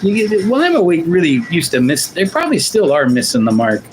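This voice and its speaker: A man's voice: on the high side, wildly swooping pitch, brisk, soft background music, low-quality recording. Rambling self-deprecating male livestream host. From Portland, Oregon, USA. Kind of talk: rambling casual chat with viewers.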